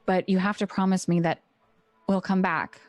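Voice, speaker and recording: A woman's voice: lowish voice, flat delivery, moderate pace, no room sound, faint music behind, lightly acted. A woman voicing an earnest, determined young caregiver in a tabletop game, speaking from the heart.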